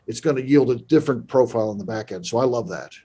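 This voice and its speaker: A man's voice: mid-range voice, expressive, fast talker, mellow, slightly rough. A man hosts a podcast interview in a mid-range voice. He sounds enthusiastic and often repeats words while he gathers his thoughts. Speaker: podcast host. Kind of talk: casual interview chat.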